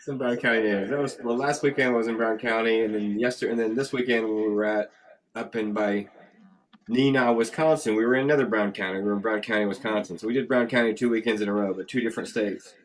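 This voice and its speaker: A man's voice: lowish voice, steady tone, fast. A man hosting a casual live show, chatting with a friend and rambling through travel stories. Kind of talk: casual chat.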